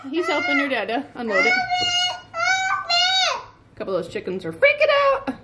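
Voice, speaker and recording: High-voiced farm mom chatting to her kids and goats, super bouncy voice, lots of noise around her. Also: fairly quick. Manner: excitable, coos at her goats in a high sing-song. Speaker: mother and family vlogger. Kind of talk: casual family vlog, talking to kids and animals. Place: at home on a small farm, in and out of doors.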